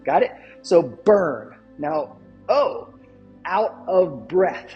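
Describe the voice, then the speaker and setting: A man's voice: on the high side, sing-song, extremely slow, highs cut off, soft background music. A male fitness coach giving an instructional talk, emphatic and fond of repeating his catchphrases and asking the viewer questions.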